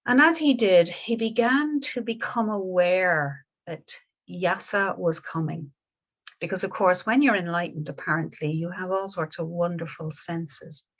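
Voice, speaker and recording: A woman, a Buddhist teacher telling a story in a dharma talk, gentle and unhurried with small restarts. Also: on the low side.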